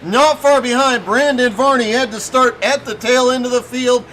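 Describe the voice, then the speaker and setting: A man doing brisk play-by-play commentary on a sim race, with a voice he says is giving out. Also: very high-pitched, steady tone, fairly bright tone, a little hiss or hum. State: losing his voice.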